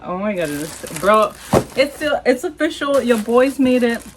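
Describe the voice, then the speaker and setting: Young Texan woman, casual unboxing vlogger, excitable and foul-mouthed, faint background noise. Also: a little high, a little slow. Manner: hyper, excitable, swears a lot, squeals. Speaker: vlogger unboxing masks and merch.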